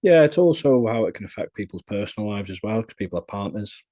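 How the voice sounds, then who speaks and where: A young man talking casually as a podcast guest, telling stories in a lively, chatty way. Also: lowish voice, fast talker. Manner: lively, chatty storyteller, often laughing. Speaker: interviewee.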